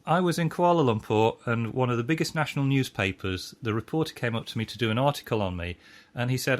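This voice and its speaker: A man's voice: medium pitch, fast. A man, a trainer and guest expert, explaining sales techniques in conversation and acting out examples with shifting tone and pace. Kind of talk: conversational teaching.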